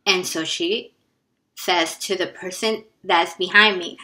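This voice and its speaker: A woman vlogger earnestly retelling her first day of high school, with some hushed asides. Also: fairly even intonation, slow. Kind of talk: personal storytelling.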